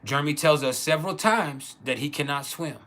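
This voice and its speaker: A man telling a personal childhood story in a casual, halting way, with many restarts. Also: a little high, fairly bright tone. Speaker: channel host.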